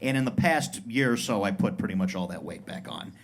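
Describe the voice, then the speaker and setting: In a comedy club, a thirtysomething man from Pueblo, Colorado, does a self-mocking stand-up set, acting out brash tough-guy voices. His voice sits on the low side, with lively intonation and a brisk pace.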